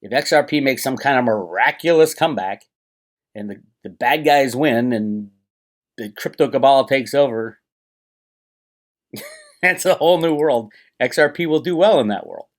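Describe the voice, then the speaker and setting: A man's voice: mid-range voice, moderate pace, pauses often. A man hosting his own channel, delivering a heated, profane, sarcastic solo rant to his viewers. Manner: agitated, profane, sarcastic, ranting. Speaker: crypto commentator and channel host.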